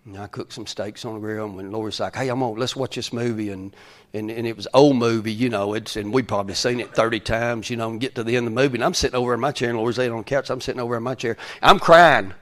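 A man preaching a folksy sermon as pastor, swinging from loud calls to hushed whispers. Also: mid-range voice, steady tone, fast talker, few pauses.

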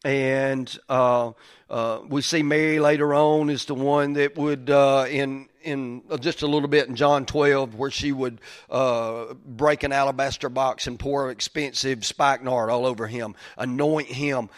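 A man delivers a sermon at a middle pitch, talking in a homey, conversational way. He sounds a little stuffed up from crying, and he keeps pushing into louder, more emphatic passages. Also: fairly even intonation, unhurried. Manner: folksy and conversational, building to loud emphatic stretches. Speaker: pastor.

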